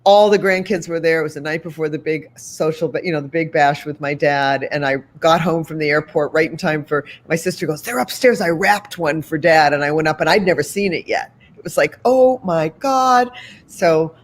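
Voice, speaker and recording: A woman's voice: low voice, steady tone, brisk, few pauses. A woman in her sixties from the Boston area, telling a long story as an interview guest, with many asides and restarts.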